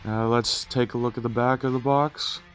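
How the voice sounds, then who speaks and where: A man's voice: mid-range voice, fairly even intonation, moderate pace, soft background music. A man with a plugged nose and a nasal voice, chatting casually through a toy review video. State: stuffy nose.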